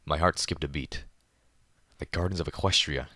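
Deep-voiced man reading a story, dry close sound. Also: moderate pace, pushed and bright, no echo. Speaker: audiobook narrator. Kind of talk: first-person story narration.

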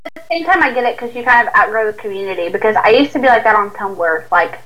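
A woman's voice: a little high, lively intonation, quick pace, bright, forceful tone. A young woman with a Southern US accent, chatting as a guest in a laid-back way, full of "like" fillers. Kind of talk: casual chat. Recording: tinny phone line.

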